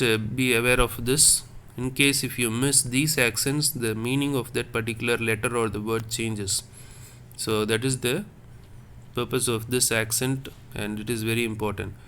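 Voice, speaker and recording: A man teaching a French class online, explaining slowly and correcting himself as he repeats words. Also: medium pitch, bright, forceful tone, slight background noise. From India. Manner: slow, repetitive explaining with self-corrections.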